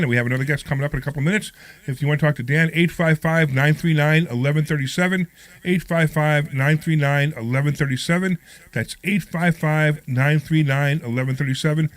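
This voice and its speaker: Radio host guy, talks quick, keeps repeating the call-in number, a bit high. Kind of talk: casual radio talk.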